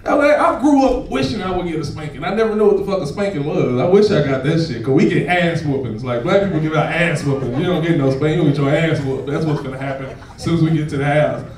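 A man performing a profane stand-up comedy set on a club stage, laughing and shouting as he tells stories. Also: fairly high pitch, lively intonation, quick pace, hardly any pauses. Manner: loud, laughing, profane storytelling to a crowd. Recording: echoey club recorded from far off.

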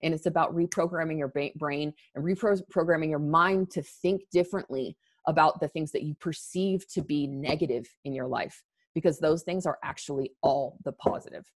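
Her low voice keeps fairly even intonation at normal speed as this thirtysomething woman speaks openly on a podcast. She's emotional, nearly in tears, emphatic and earnest, and often restarts her sentences.

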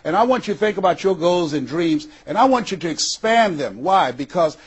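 Older American male motivational speaker, husky and slightly high-pitched, dramatic pauses, acts out quotes. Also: animated. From USA. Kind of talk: motivational speech.

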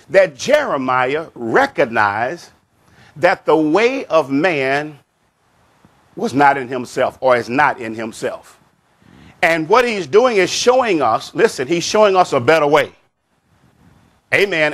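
A male pastor preaching a sermon in a slightly higher voice. He leans on single words, draws out scripture phrases and lets his voice fall low and quiet to close each point. He sprinkles amen and child of God throughout. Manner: repeats and stresses key words, stretching scripture phrases slowly; drops pitch and volume at the end of a point.

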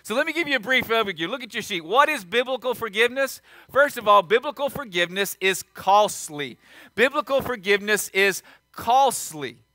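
Male pastor, emphatic sermon delivery with repeated lines and questions to the room; high, bright voice, dry close mic. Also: animated, normal speed, dry recording.

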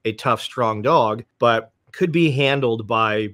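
A police dog trainer in his 50s from Florida, United States, appears as a podcast guest and tells long, rambling anecdotes, acting out the voices of people he quotes. His voice is medium-pitched, slow and fairly bright, recorded as clean studio sound with no echo.

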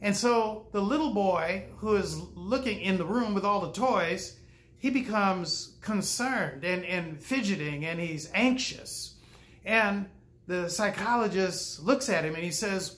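An older male pastor with a fairly high voice preaches through a folksy story. He pauses often and acts out the people he quotes, with lively shifts in delivery. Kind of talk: storytelling sermon.

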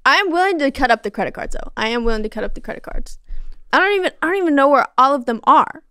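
A young woman with a slightly high voice answers questions about her spending, sheepish and hesitant. She talks in halting, trailing sentences. The sound is close and dry. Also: lively intonation, fairly bright tone, no echo. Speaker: guest. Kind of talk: interview answers.

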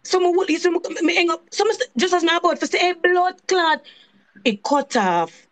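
A woman with a strong Jamaican accent vents on a live stream in a high-pitched voice. She circles back over the same points and swears freely in patois. The rant runs long and stays heated. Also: big pitch swings, fast talker. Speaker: channel host.

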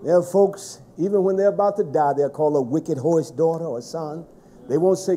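A middle-aged man preaching a fiery sermon, swinging between shouts and hushed, low passages. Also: brisk.

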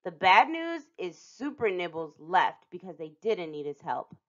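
A woman reading a picture book aloud to children as a storytime host, expressive and lingering on some phrases with dramatic pauses. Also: lowish voice. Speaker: storytime reader. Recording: dull lo-fi recording.

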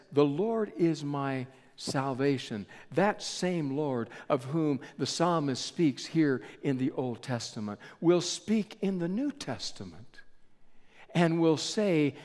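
Slow, echoing preacher in a church. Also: male voice, a little high, darkish tone. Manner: measured, storytelling delivery with dramatic pauses. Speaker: pastor. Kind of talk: sermon. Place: large church sanctuary. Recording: echoey church hall with long reverb.

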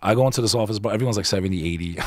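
A man's voice: on the low side, racing, a little mellow, no echo. A man in his forties from New York, a podcast guest telling a personal story in casual chat, earnest and confessional, calling the listener bro. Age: 40s.

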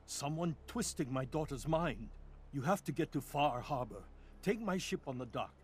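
An actor voices a worried father in a video game, speaking with anxious earnestness. His voice sits slightly high for a man. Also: animated, moderate pace, slight background noise, lightly acted. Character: worried father sending help after his daughter. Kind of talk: game character dialogue.

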